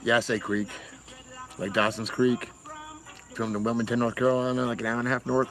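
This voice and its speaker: A man's voice: mid-range voice, level tone, brisk, fairly bright tone, faint music behind, low-quality recording. A man from Massachusetts chatting casually on a livestream, rambling and swearing, often laughing. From Massachusetts, USA. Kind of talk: casual chat.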